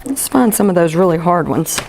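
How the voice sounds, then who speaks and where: A woman teacher leading a classroom phonics lesson, encouraging and stretching sounds out slowly. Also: lowish voice, lively intonation, creaky, a little mellow, a little hiss or hum.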